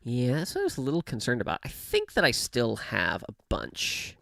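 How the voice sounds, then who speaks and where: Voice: mid-range voice, huge pitch swings, normal speed, creaky, a bit bright, no echo. A gaming livestream host chatting casually into a studio mic with a pop filter, rambling with fillers and self-corrections and laughing often. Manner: laughs often while talking. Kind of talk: casual chat while livestreaming a game. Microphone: studio microphone with pop filter.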